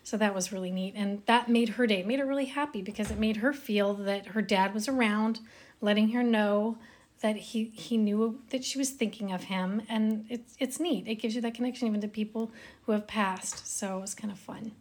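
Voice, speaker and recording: A woman hosting a podcast shares a story in a relaxed, thoughtful way. Her voice sits in a middle range, and her sentences often fade out softly. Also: mid-range voice, moderate pace. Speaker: podcast co-host. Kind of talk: casual storytelling chat.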